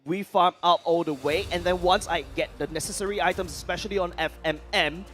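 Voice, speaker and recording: A man with a Singaporean English accent calling a mobile game match, shouting with excitement during the fights. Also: high-pitched, brisk, soft background music. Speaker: esports caster. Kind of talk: play-by-play commentary.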